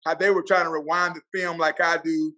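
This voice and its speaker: This is a man, an athletic director telling his stories to an interviewer. His voice is high for a man and bright, with a ringing edge. He talks fast and acts out the people he quotes. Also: flat delivery. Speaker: athletic director, podcast guest. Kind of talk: animated storytelling.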